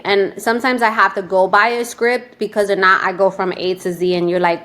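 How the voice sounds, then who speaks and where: A woman's voice: medium pitch, brisk, few pauses. A woman from New York with a New York accent, chatting animatedly as a real estate agent guest on an interview show. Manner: animated, chatty, many fillers. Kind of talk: casual interview chat.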